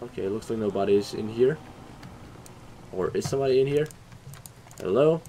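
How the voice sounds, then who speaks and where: A young man hosting a horror game playthrough, talking loud, swearing and bursting into screams. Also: lowish voice, lively intonation, moderate pace, a little hiss or hum. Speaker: gaming channel host.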